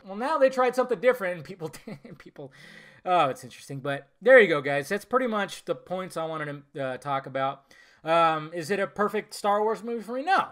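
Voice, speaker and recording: A man's voice: sits high, very animated, fairly quick, a bit bright. A man giving a casual, enthusiastic spoken movie review, rambling with fillers and restarts. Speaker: film reviewer.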